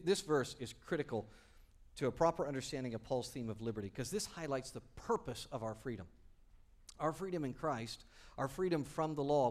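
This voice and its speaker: A man preaching a sermon as pastor, enthusiastic, moving from quiet explanation to loud, emphatic peaks. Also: mid-range voice.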